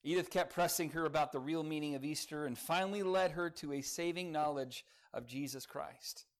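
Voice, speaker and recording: A male pastor preaching a sermon, telling a story earnestly with dramatic pauses. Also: fairly high pitch.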